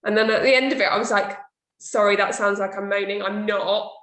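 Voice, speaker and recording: Woman, candid casual chat, roomy echo, mid pitch. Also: steady tone, a little fast, fairly bright tone. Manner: candid, chatty, quotes herself often. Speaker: podcast host, bodybuilder.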